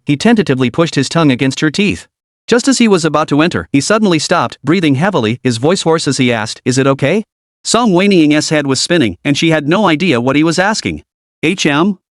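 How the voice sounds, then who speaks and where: A man narrates a comic story recap in an even, steady reading. His voice sits a little high and the recording is dry and close. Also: fast, no room sound.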